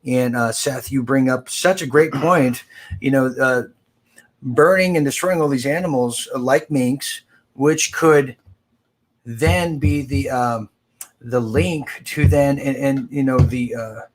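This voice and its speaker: A man hosting a live political talk show, rambling with quick asides and frequent restarts. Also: mid-range voice.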